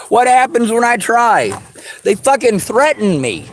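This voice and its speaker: Furious high-voiced man ranting outdoors. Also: huge pitch swings, measured pace, a little hiss or hum, poor audio. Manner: furious, swearing heavily, bitter sarcasm. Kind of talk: angry personal rant.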